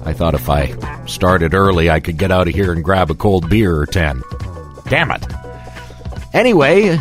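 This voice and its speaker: A man hosting a morning radio show, joking in a wry, self-deprecating way. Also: low-pitched. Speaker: radio host.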